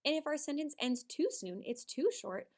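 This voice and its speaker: A woman teaching first graders a writing lesson, animated and sing-song, with dramatic emphasis. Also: high-pitched, moderate pace. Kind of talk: video writing lesson for young children.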